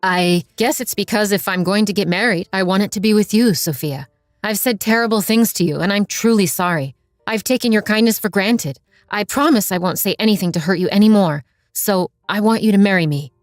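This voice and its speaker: A woman voicing a short-tempered, hard-drinking man who is gruff and scornful, then apologetic. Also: mid-range voice, brisk, no echo, clean studio sound, faint music behind, close to an everyday voice. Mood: pleading.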